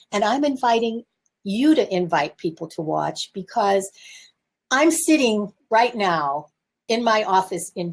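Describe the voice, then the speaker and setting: A woman in her seventies who works as a therapist and teacher talks casually to camera from her office, offering candid, self-reflective coaching. Her medium-pitched voice is creaky and slightly rough.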